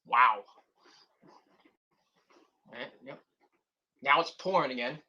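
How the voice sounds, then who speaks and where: Speaking slowly at medium pitch, this wrestling vlogger has a bright, forceful, slightly rough voice captured on a muffled recording. He rambles casually, swears freely, and drifts into tangents.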